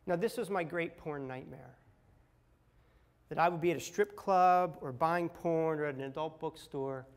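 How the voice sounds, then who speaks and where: A middle-aged man telling a candid personal story, dramatic and confessional, dropping to a hush at tense moments. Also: on the high side, moderate pace. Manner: candid, dramatic retelling with acted quotes and swings from loud to hushed. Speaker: speaker sharing a personal recovery story.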